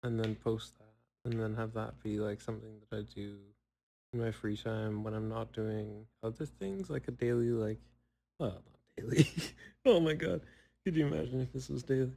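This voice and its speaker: A young man talks loosely to himself, drifting from thought to thought and poking fun at himself. His voice is mellow and dark, with long pauses left in. It sounds like a relaxed solo chat. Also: fairly low pitch, gravelly, poor audio. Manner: rambling, self-mocking, long pauses. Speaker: podcaster.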